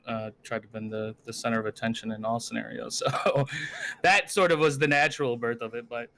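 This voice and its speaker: Young male guest, bright, sharp tone, relaxed banter with playful hype. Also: mid-range voice, fairly quick, vocal fry, slight background noise. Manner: laid-back, playful, bursts into hype shouting. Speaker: guest, gaming community founder. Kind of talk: casual chat.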